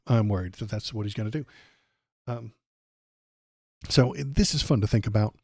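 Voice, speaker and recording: Sarcastic ranting man, dark dry voice. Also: fairly low pitch, no room sound. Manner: sarcastic, blunt. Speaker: political livestream host. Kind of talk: ranting livestream commentary.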